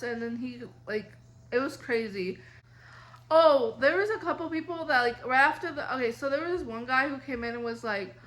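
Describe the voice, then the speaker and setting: A woman's voice: high-pitched, pushed and bright. A young woman telling a story casually on her vlog, rambling with lots of filler words. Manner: rambling, many "like" fillers, upset recounting. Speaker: vlogger.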